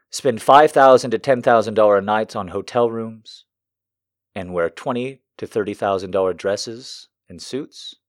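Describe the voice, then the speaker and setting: Deep-voiced man on a profane political rant. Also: no echo, clean studio sound. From United States. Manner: heated, profane, emotional. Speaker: political commentator.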